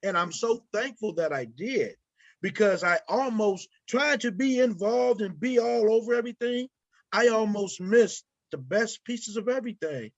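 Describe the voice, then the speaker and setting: High-voiced man telling a self-mocking story. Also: animated, moderate pace, no echo, muffled recording. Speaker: creator of the film, youth football coach. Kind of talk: casual interview storytelling.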